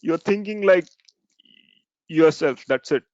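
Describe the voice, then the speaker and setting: A man giving an informal talk on software testing, conversational, with frequent fillers and tag questions. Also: a little high, slow, no echo. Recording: dull, slightly lo-fi dry recording.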